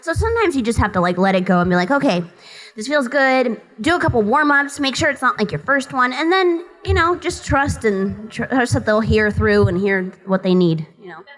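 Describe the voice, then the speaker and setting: A woman voice actor answers fan questions on a convention panel. Her voice sits a little high, and she talks in a chatty, rambling way that wanders off on tangents. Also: expressive, a little fast, hardly any pauses, fairly bright tone, rough recording. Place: convention hall.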